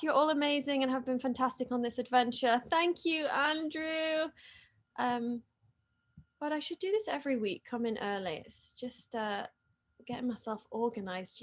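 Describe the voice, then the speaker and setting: A woman casually chatting with fans on a livestream from her home, excitable and reading comments aloud. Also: high-pitched, moderate pace. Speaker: actress hosting a fan livestream. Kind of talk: casual live-stream chat reading comments. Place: living room at home.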